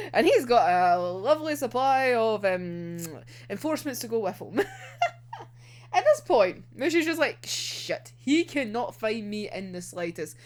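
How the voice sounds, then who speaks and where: A woman's voice: a little high, a little mellow. A young woman giving a casual episode recap as an anime reviewer, giggling often, swearing freely and acting out the characters' lines.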